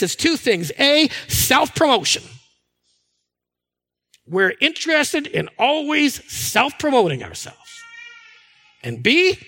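A man preaching a sermon, animated and conversational, acting out the voices of people he quotes. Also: very high-pitched. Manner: animated, acts out quoted voices, restarts words. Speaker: pastor. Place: church hall with a screen.

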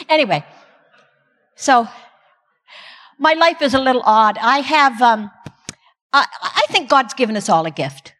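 An older woman speaks to a gathering with a self-deprecating, comic delivery. She has a slightly high voice. The sound carries a long reverb from a large hall. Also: expressive, a little slow, pauses often, fairly bright tone. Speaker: Christian speaker. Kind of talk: humorous inspirational talk.

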